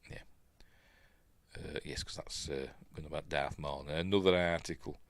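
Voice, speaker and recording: A man's voice: rumbling low, steady tone, normal speed. A man with a Yorkshire accent hosting a casual live-stream news chat, rambling into asides and chuckling to himself.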